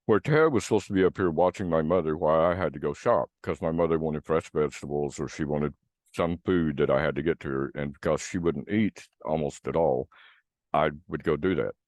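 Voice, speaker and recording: Deep-voiced guy ranting at the camera, cussing a lot, keeps repeating himself, dry close sound. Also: darkish tone, no echo. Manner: blunt and profane, repeats points. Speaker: vlogger. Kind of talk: ranting monologue to viewers.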